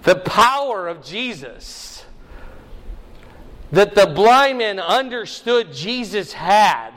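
A man's voice: sits high, very animated, slow pace, a bit bright, long reverb tail. A man preaching a sermon, teaching the meaning of Greek words with rising emphasis. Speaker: pastor.

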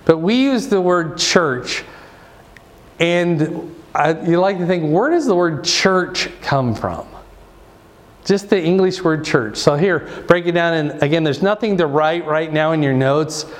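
A man's voice: fairly high pitch, lively intonation, unhurried. Man giving a conversational church lesson. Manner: conversational, rambling with restarts and asides. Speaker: pastor. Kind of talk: church teaching talk.

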